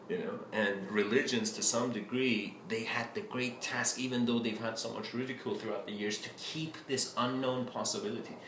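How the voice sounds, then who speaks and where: A man's voice: mid-range voice, steady tone, moderate pace. A man giving a casual spiritual lecture, rambling and full of fillers and restarts as he tells a story. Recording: roomy with faint ambient noise.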